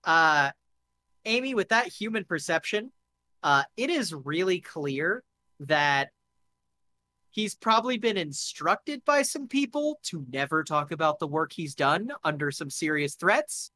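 A man's voice: fairly high pitch, lively intonation, measured pace, bright, forceful tone. A man narrating a live-streamed tabletop game as game master, casual and chatty, with filler words and swearing.

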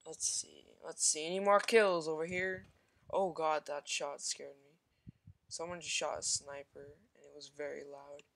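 This is a gamer narrating their own shooter match in a loose, rambling way, thinking aloud and poking fun at their own mistakes. The voice sits at an ordinary middle pitch, with repeated quick exclamations and plenty of ums and likes. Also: little pitch movement, vocal fry, a bit bright. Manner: frequent fillers and repeated exclamations. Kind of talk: casual gameplay commentary.

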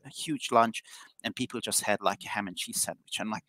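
A man's voice: fairly low pitch, fairly quick, pushed and bright, no echo, low-quality recording. A man from Hungary, a guest in a live interview, speaking candidly with frequent restarts. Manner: repetitive restarts, chatty and candid. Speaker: guest, IT professional.

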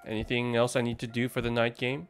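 A man's voice: medium pitch, completely flat delivery, quick pace, faint music behind. A man streaming a game, chatting to viewers and reacting to what happens on screen. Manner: chatty, talks to chat and game characters, startles easily. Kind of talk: live game stream commentary.

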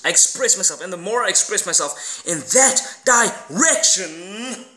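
High, sharp-voiced man giving a pep talk. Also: a little slow. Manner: emphatic and animated, swears casually. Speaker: motivational vlogger. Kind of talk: motivational vlog monologue.

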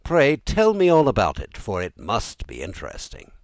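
A man's voice: on the low side, huge pitch swings, normal speed, gravelly, dry recording, pitched above the performer's own voice, heavily acted. A male audiobook reader voicing an older, self-assured father who teases his son in a wry manner.

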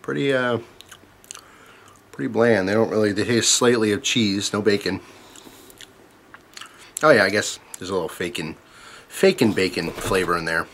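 A man's voice: lowish voice, normal speed, long pauses, a bit bright, slight background noise. A young man vlogging at home, chatting wryly as he tastes bugs and talks to his dog. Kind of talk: casual vlog, tasting food on camera. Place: indoors at home, camera on tripod.

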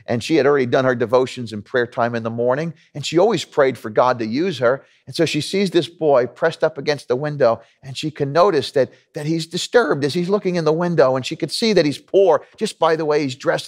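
A pastor preaching a conversational, emphatic sermon with stories and a New York accent. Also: male voice, a little high.

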